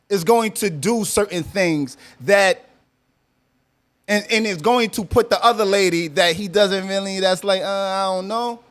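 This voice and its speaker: A man's voice: high voice, a bit bright. A man hosting a live audio chat room, talking casually and animatedly, often repeating himself and teasing guests.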